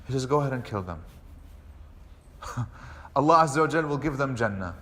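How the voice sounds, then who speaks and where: A man, an imam, giving a mosque lecture, telling a story and acting out the quoted speech with lively delivery. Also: mid-range voice, fast. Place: mosque hall. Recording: long hall reverb.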